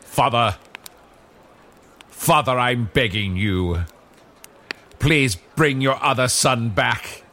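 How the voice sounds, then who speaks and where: A man's voice: medium pitch, expressive, takes it slowly, long pauses, pushed and bright, a little hiss or hum. A man playing a hammy actor who declaims melodramatic monologues in an improv comedy scene. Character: hammy male actor doing dramatic monologues.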